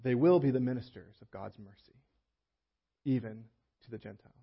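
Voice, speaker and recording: Husky guy preaching, chatty sermon, muffled lo-fi audio. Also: mid-range voice, moderate pace. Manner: conversational, acts out quoted voices. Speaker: pastor.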